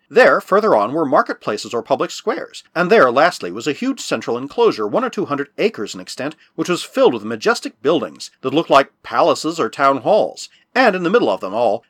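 A man reading a novel aloud as an audiobook narrator, in a measured storytelling manner. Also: mid-range voice, breathy edge, no echo, studio quality. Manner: measured storytelling with lively rises and falls.

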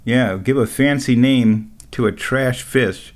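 A middle-aged man rambles through a casual solo monologue at an ordinary mid pitch. He keeps chuckling at his own tales and drops dry, sarcastic asides along the way. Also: normal speed, hardly any pauses, darkish tone. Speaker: vlogger.

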